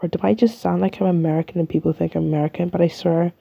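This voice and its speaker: A young English woman hosts her own podcast alone, rambling and poking fun at herself. Her voice is very dark and husky, with a gravelly edge. The recording sounds slightly muffled, like a basic home setup. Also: lowish voice, steady tone, rapid-fire. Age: young adult. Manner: chatty, rambling, self-mocking. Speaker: podcast host. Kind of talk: casual solo podcast chat.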